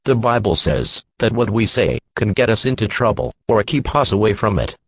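A man giving a measured, steady scripted reading of a Christian parenting book as an audiobook narrator. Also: on the low side, husky, no echo.

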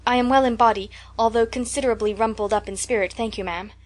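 A woman voicing an imaginative, excitable orphan girl who talks in breathless, high-flown words. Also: a little fast, natural voice. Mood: grave.

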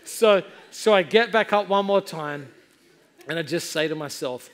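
A man in middle age preaching with a slightly raised pitch. He tells his story with animated, self-mocking comic timing, the way a pastor keeps a congregation engaged. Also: a little slow. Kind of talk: storytelling sermon. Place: church service before a laughing congregation.

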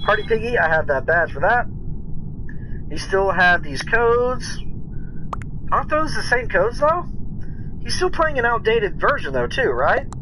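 A man's voice: high-pitched, expressive, a little slow, pauses often, noisy background. A man streaming a game live, chatting casually, greeting viewers by name and reading their messages aloud.

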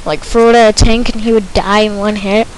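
A woman narrating her own gameplay in a let's play commentary, jittery and excitable, repeating herself when tense. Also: medium pitch, brisk, slight background noise, low-quality recording.

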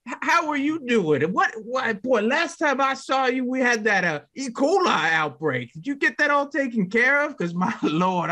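A man voicing a folksy, overly familiar character with a put-on Louisiana drawl, speaking high and lively. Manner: chatty, overly familiar, rambling.

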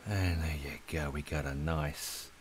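A man rambling casually to viewers as he draws, relaxed and a little breathless. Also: rumbling low, unhurried, a little hiss or hum. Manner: relaxed, rambling, talks to viewers while drawing. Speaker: art channel host. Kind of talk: casual chat while drawing. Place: lives in Spain.

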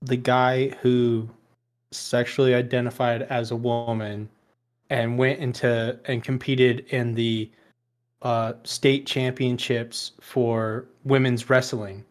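Halting male podcast guest. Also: medium pitch, level tone. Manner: cuts in with quick asides, halting. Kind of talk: casual podcast chat.

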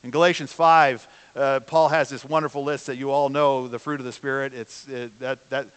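A man's voice: medium pitch, level tone, moderate pace, clear, resonant tone, long reverb tail. A man preaching a sermon as pastor, in a conversational way, often putting questions to the congregation. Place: church sanctuary.

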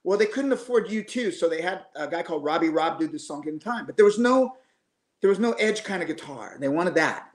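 A man in his fifties, a guest musician, telling animated anecdotes casually over a video call, with frequent restarts. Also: on the high side, fairly quick. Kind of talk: casual storytelling. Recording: echoey room.

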